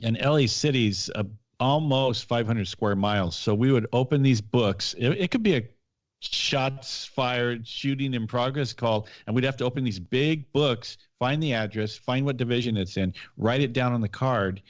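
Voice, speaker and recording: A man's voice: mid-range voice, normal speed, no room sound. A middle-aged man, a podcast host and former police officer, telling a detailed story in casual chat with frequent restarts. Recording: dull, dry podcast audio.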